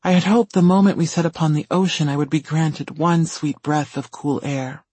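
A man reading a first-person story in calm, even scripted narration. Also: fairly high pitch, moderate pace, breathy edge, dry recording. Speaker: audiobook reader.

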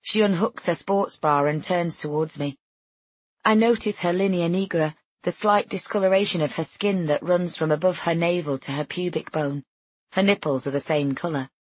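A woman narrating a first-person novel in a measured, intimate way. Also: fairly low pitch, breathy edge, no room sound. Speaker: audiobook narrator.

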